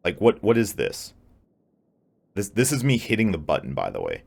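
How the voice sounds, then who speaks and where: Game music plays clearly beneath this young man's play-by-play of his own match. His lowish, slightly mellow voice swings wildly in pitch at a moderate pace, and he's sarcastic, frustrated, prone to angry outbursts, and constantly swearing.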